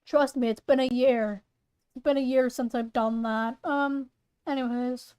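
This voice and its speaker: A woman's voice: sits high, steady tone, a little slow, a little mellow, clear, resonant tone. A woman reading her story aloud in her room, rambling and playful, correcting herself as she goes. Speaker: fan fiction reader and voice actor. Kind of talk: casual reading with asides. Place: bedroom.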